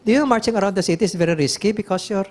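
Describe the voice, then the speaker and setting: Filipino pastor with a higher voice. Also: male voice, very fast, darkish tone. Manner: emphatic, questioning the audience, reads verses aloud. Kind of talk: bible teaching sermon.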